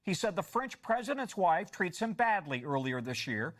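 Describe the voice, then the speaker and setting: A man anchoring a news broadcast, reading in a crisp, measured way before handing to a reporter. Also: high-pitched, very animated, a bit bright.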